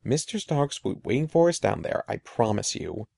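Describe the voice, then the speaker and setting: A young older sister with a calm, reassuring way of talking, as read by a man. The voice is mellow and slightly gravelly, with a lively rise and fall. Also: fairly low pitch, normal speed, no echo, clean studio sound, pitched below the performer's own voice, heavily acted. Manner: reassuring, gently teasing. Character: older sister, young girl, teasing but steady.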